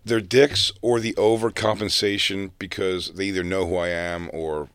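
A man's voice: deep voice, steady tone, normal speed, a bit bright, smooth, no room sound, clean studio sound. A man rambling through casual stories in a laid-back way. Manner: rambling and laid-back, full of fillers and restarts. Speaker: comedian podcast guest. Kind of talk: casual storytelling chat.

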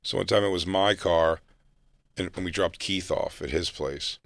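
Very deep-voiced man, rambling casual chat. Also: normal speed, gravelly, no room sound. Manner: rambling and laid-back, full of fillers and restarts. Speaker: comedian podcast guest.

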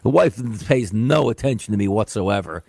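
A man's voice: on the low side, lively intonation, moderate pace, gravelly, darkish tone, no echo, studio quality. A man co-hosting a sports betting radio show, talking in a rambling, casual way full of "like" and restarts. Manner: rambling, filler-heavy, lots of "like".

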